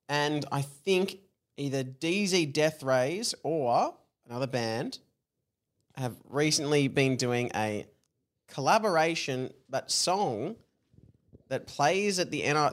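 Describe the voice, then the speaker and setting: A lively man co-hosting a comedy podcast. His voice sits a little high and swings up and down a lot as he chats loosely, tossing out jokey asides. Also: slow pace. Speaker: podcast co-host. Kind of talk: casual comedy chat, reading a parody novel aloud.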